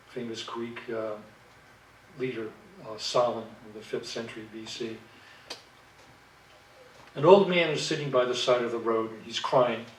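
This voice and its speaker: A man's voice: medium pitch, a little hiss or hum. Man lecturing in an echoey room. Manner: measured, reflective, with fillers and restarts. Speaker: workshop presenter, therapist. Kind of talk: lecture to clinicians. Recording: echoey room, distant mic.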